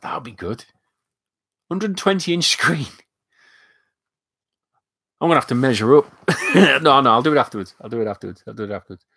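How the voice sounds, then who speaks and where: A man's voice: mid-range voice, expressive, normal speed, creaky, pauses often, a bit bright, dry recording, studio quality. A man with a Northern English accent, mixing northwest and northeast, hosting a casual live stream and chatting with his viewers in a rambling way, full of fillers. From north of England. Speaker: live stream host reading chat.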